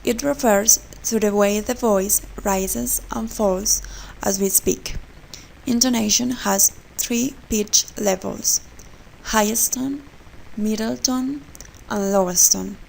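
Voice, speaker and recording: Woman, pronunciation lesson read aloud, gravelly voice, careful example words. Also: medium pitch, slow pace, darkish tone, slight background noise, low-quality recording. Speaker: student presenter.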